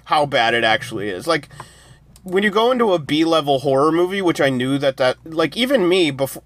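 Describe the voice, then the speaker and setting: A man's voice: on the high side, animated, normal speed, fairly bright tone. A man co-hosting a movie review podcast, rambling casually with lots of "like". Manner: rambling, exasperated, says "like" a lot. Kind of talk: casual chat.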